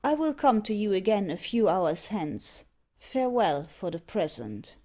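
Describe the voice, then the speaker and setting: Woman doing a creepy scheming jailer guy, calm and measured, slightly dull sound. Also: medium pitch. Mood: cold. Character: sinister male keeper, cold and scheming.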